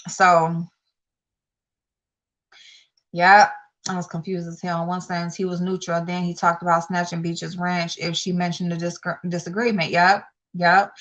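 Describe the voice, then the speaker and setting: A woman's voice: on the low side, flat delivery, a little slow, pauses often, a bit bright, poor audio. A woman, a channel host giving casual, profane commentary, blunt and sassy, rising to exasperated outbursts. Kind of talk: casual live-stream commentary.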